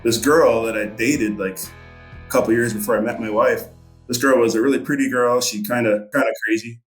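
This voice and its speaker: A man's voice: mid-range voice, fairly even intonation, normal speed, roomy sound, faint music behind. A middle-aged man and fishing guide, telling a story casually in a rambling way with many fillers. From Montana.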